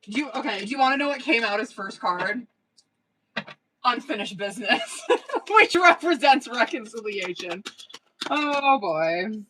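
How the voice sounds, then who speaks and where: A woman's voice: a little high, expressive, a little slow, sharp tone, a little hiss or hum, rough recording. A woman giving tarot readings on a casual live stream, slangy and profane, laughing often and calling viewers girl and boo. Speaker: tarot reader.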